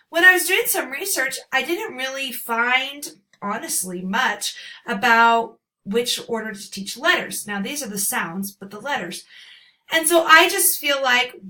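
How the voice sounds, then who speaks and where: A woman's voice: fairly high pitch, sharp tone. A woman in her thirties giving an upbeat lesson to parents, acting out letter sounds with exaggerated emphasis. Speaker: teacher. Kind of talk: instructional talk to parents.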